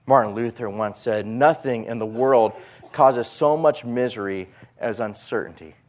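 Male preacher, lively storyteller, quick bursts, repeats himself, live audience in a room. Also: medium pitch. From United States. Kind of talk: sermon with personal storytelling.

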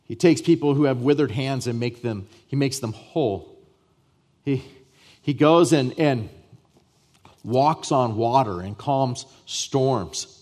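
A man pastor preaching a sermon to his church, emphatic, with repeated starts and swings between loud and soft. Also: medium pitch, slow. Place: church sanctuary.

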